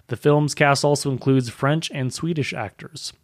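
A man's voice: medium pitch, steady tone, no room sound, clean studio sound. A man co-hosting a comedy podcast, reading news items aloud and tripping over his words. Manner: reads aloud haltingly, stumbling over words. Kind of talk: casual comedic podcast banter.

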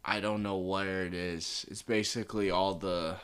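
A man's voice: deep voice, fairly even intonation, normal speed, fairly bright tone, smooth. A man as a guest on a casual podcast, laid-back and rambling, with wry jokes.

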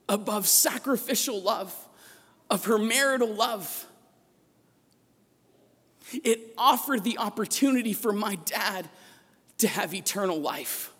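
Priest giving a sermon, pretty high husky voice, big church echo, gets really fired up. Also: male voice, slow pace, long pauses. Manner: impassioned storytelling, rising to shouts at peaks. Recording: long echo of a large church.

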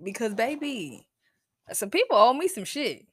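A woman's voice: fairly high pitch, big pitch swings, measured pace, fairly bright tone, husky, no echo. A woman hosts her podcast in a loose, casual chat, her voice bouncing widely up and down as she rants. She swears freely, sounds fed up and keeps breaking off into sighs and laughter. The recording is dry and close, with no room sound. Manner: profane, exasperated, laughs and sighs often. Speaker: podcast host.

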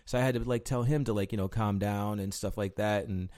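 A man's voice: on the low side, steady tone, fairly quick, darkish tone. A man chatting casually, telling rambling stories about bouncing at a bar, full of fillers and swearing. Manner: rambling storyteller, heavy filler words, swears freely. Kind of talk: casual chat.

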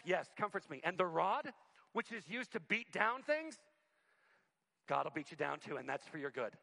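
A man in his forties preaching a sermon, telling personal stories in an animated, conversational way with self-deprecating humor. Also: high-pitched, gravelly. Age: 40s. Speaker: pastor.

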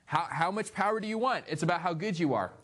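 A male pastor delivers a sermon in a fairly high voice. He reads scripture aloud, then breaks off into playful, animated asides before returning to his point. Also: fast talker.

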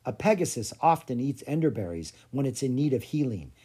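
A reader doing a kind, wise woman who cares for animals in a children's storybook. She speaks gently and softly. The voice is breathy and lively in pitch. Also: fairly quick. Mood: gentle. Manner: gentle, soft-spoken.

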